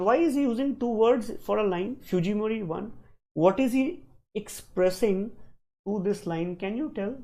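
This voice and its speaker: A man from India with a high-pitched, mellow voice teaches a live online reading lesson for exam prep, and the audio quality is poor. He questions his students and repeats points for emphasis.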